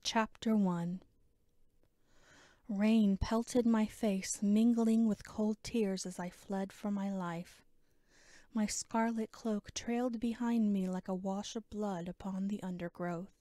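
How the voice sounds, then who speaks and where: A woman narrating a fantasy novella chapter in first person, with a measured, dramatic reading. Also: mid-range voice, steady tone, mellow, no echo. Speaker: audiobook narrator.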